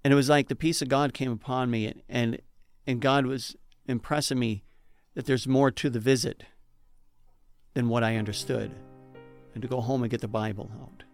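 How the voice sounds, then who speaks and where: A man's voice: mid-range voice, steady tone, normal speed, clean tone, no echo, soft background music. A man telling his personal testimony in an earnest, emotional way, with preacher-like emphasis. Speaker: speaker giving a personal testimony.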